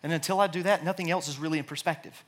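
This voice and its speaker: A man giving an earnest, emotional personal testimony in a sermon-like talk, at times dropping to a hushed, soft voice, with frequent restarts. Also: on the high side, fairly even intonation, rapid-fire. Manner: hushed, soft-spoken in quiet passages.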